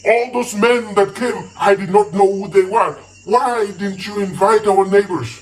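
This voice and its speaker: A man's voice: high-pitched, a little slow. A man voicing an exasperated older brother in a spoken storybook tale, pleading and repeating himself, heard from a distance. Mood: puzzled.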